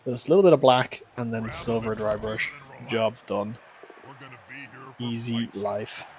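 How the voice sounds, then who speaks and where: A man making quick wisecracks and laughing with friends during a board game. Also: medium pitch, fairly even intonation, crowd noise. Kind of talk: casual chat while playing a board game.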